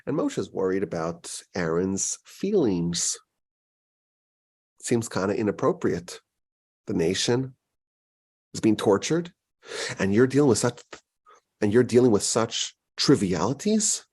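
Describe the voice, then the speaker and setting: A man giving a Torah lecture as a rabbi, animated and acting out quoted voices. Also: unhurried, long pauses, slightly rough. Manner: animated, acts out quoted voices with big pitch jumps.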